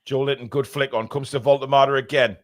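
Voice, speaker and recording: A man commentating live on a match for fans, excitable, shouting when play heats up and swearing in jokey banter. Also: mid-range voice, fairly quick. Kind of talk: fan watchalong commentary.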